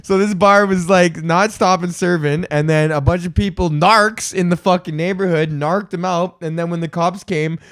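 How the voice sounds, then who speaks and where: A man's voice: sits high, steady tone, moderate pace, few pauses, fairly bright tone, clear, resonant tone, no echo. A man in his twenties hosting a comedy podcast, ranting profanely and rambling as he laughs at his own jokes. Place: room at home, on camera.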